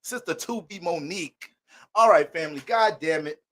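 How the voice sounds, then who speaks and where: A man's voice: fairly high pitch, moderate pace, fairly bright tone. A man hosting an astrology livestream, greeting viewers by name in playful mock-preacher banter.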